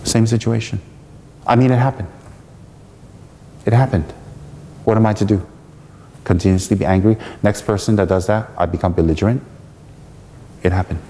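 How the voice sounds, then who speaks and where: A man from the United States giving a Buddhist teaching as a lively story, laughing often and acting out what people said. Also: fairly low pitch, moderate pace, long pauses, in a large hall, a little hiss or hum. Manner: animated, laughs often, acts out quoted speech. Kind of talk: storytelling dharma talk.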